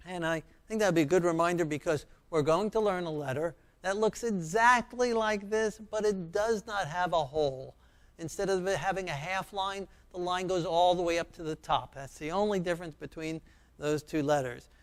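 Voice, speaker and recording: Guy teaching beginner hebrew, slightly high voice, slow and patient, repeats every sound. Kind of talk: beginner language lesson.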